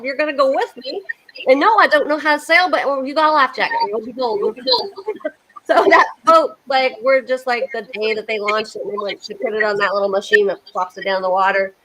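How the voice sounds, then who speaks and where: Lively high-voiced woman chatting. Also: brisk, low-quality recording. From United States. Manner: animated storyteller, laughs often. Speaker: host. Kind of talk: casual chat.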